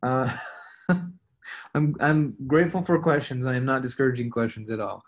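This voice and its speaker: A man's voice: medium pitch, normal speed. Man coaching on a team call. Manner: conversational, acts out sample dialogues. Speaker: real estate investing coach.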